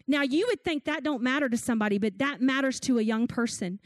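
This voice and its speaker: A woman's voice: high-pitched, fast, dry recording. A middle-aged woman, preaching a sermon in an earnest storytelling way. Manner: earnest storytelling with church-talk and restarts.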